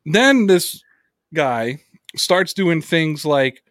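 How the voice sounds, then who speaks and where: A man hosting a casual sports podcast. He reads sponsor plugs and tells stories in an animated way, swearing often. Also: fairly high pitch, extremely slow, dry recording. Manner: animated storyteller, heavy swearing. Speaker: podcast host.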